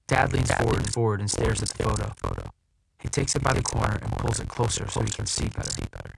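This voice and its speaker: A man narrating an audiobook in first person, with a measured, tense, dramatic reading. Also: fairly low pitch, steady tone, creaky. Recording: loud background hiss.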